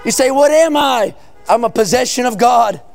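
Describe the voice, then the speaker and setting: A man's voice: very high voice, moderate pace, gravelly, over music. A man preaching a fiery revival sermon, thundering and chanting in a rhythmic cadence through long repeated lists.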